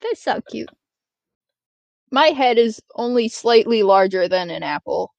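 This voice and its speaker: A woman's voice: a little high, lively intonation, measured pace, gravelly, dry recording, dull audio. A young woman playing a tabletop game with friends, rambling and giggling, swearing casually. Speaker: player. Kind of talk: tabletop role-play, in character and out.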